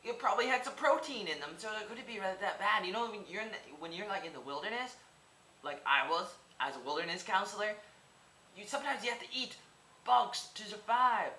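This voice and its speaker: A man's voice: high-pitched, animated, fast talker, pushed and bright. A man in his twenties rambling through a goofy, tangent-filled casual monologue. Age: 20s. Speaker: vlogger. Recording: echoey room with faint background noise.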